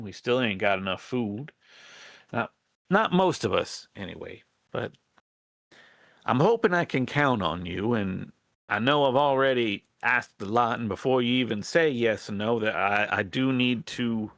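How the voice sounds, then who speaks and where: Man doing a female rat rebel, earnest, halting folksy drawl, mid pitch, dry close sound. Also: animated, a bit bright, no echo. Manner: halting, hesitant, folksy drawl with many restarts. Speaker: game master. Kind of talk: in-character role-play in a tabletop game.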